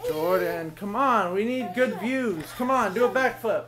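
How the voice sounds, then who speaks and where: High-voiced dad teasing his toddler. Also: lively intonation, measured pace, hardly any pauses. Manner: teasing, joking, coaxing. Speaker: father filming his baby son. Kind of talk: playful home video talk to a toddler. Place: bedroom at home.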